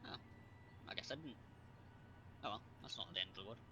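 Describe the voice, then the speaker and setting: A man's voice: medium pitch, expressive, a little fast, background noise. A man running a tabletop game, rambling and second-guessing himself aloud. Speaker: game master.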